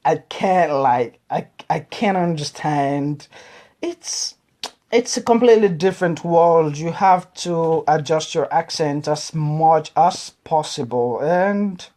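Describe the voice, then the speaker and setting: A woman with an African English accent recounts her experiences in an interview, her voice sitting low with a warm, mellow tone. She talks casually and animatedly, often repeating words and restarting phrases. When she acts out what others said, her pitch leaps high. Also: slow. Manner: animated, acts out quoted reactions with big pitch jumps. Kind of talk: casual personal account.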